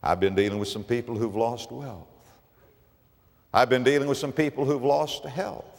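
An older man, a pastor, preaching a sermon with dramatic swings from emphatic peaks to low, quiet lines. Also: steady tone, moderate pace, gravelly. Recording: long hall reverb.

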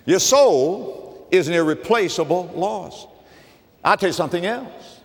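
Older male preacher, dramatic pulpit delivery, wide lively pitch swings, recorded with long church-hall reverb. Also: unhurried. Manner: dramatic preaching, rising to emphatic peaks and dropping low. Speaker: pastor. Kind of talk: sermon.

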